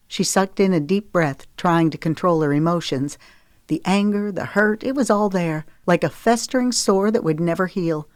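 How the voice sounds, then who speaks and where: A woman narrating a romance audiobook in a steady, measured reading. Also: fairly low pitch, no room sound, studio quality. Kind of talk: scripted narration.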